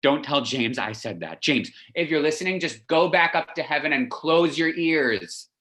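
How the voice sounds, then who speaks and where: A man plays a chatty, lovesick son in lockdown who gushes and rambles through a message to his mother. His voice is bright and lively, and his pitch leaps high and drops low. It is a theatrical monologue. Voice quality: gushing, rambling, quick to confess.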